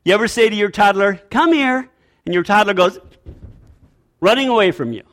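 A man's voice: sits high, brisk, a bit bright. A man preaching a sermon as pastor, repeating his key phrases emphatically and leading the congregation in call-and-response.

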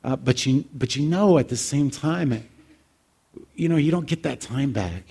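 A man's voice: medium pitch, expressive, a little slow, creaky, dark tone, breathy edge. A man in his forties telling a heartfelt personal story to an audience in a reflective, conversational way. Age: 40s. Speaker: speaker addressing an audience.

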